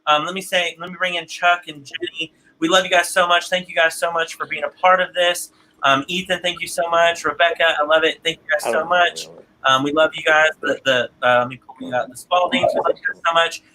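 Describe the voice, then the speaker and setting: A man with a very bright, slightly high voice hosts a live stream, reading viewer comments aloud. He talks in a loose, chatty way, restarting his sentences, and gets emotional as he goes. He sounds like he is on a video call. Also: fairly even intonation, fairly quick, a little hiss or hum, low-quality recording. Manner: chatty, repeats words often, gets emotional. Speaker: host of an online theater broadcast.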